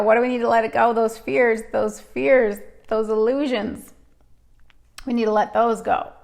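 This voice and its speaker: A woman's voice: on the high side, steady tone, unhurried, creaky, darkish tone. A woman hosting a live stream, giving a chatty, emotional card reading, teary and sniffly. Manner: emotional, tearful and laughing, chatty.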